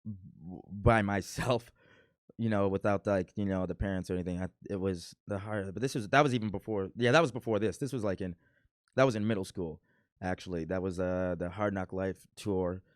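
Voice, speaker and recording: Man in his thirties, reaction commentary, playful and boastful, low-pitched, dry close sound. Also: fairly even intonation, a little fast, no room sound. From Milwaukee, USA. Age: 30s. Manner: playful, boastful, rambling with fillers. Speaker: host reacting to his old video.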